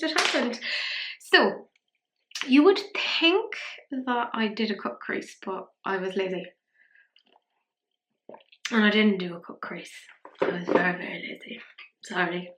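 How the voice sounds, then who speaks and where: A woman's voice: on the high side, fairly bright tone, echoey room, slight background noise. A young woman chatting casually through a makeup tutorial, self-mocking, sometimes dropping to a whisper as she works. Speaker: beauty vlogger.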